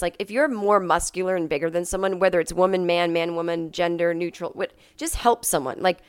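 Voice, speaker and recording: A sick woman hosting a podcast from home, telling a story in a casual monologue, coughing and clearing her throat, and acting out the people she quotes. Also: lowish voice, normal speed, few pauses. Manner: animated, acts out quoted people in a raised voice. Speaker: podcast host.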